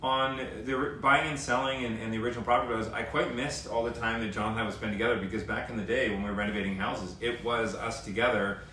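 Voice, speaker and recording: A man's voice: medium pitch, steady tone, quick pace, few pauses, sharp tone, a little hiss or hum. A man in his thirties hosting a casual live-stream chat at home, joking and breaking into sung bits. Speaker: TV host. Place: home, indoors. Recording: echoey room from a distance with faint ambience.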